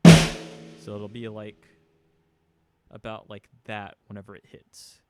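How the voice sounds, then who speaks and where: A man's voice: on the low side, completely flat delivery, slow, over loud music. A man giving a casual drum lesson, explaining hits and counting beats aloud. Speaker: drum teacher. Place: room with a drum kit. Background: drums played between talk.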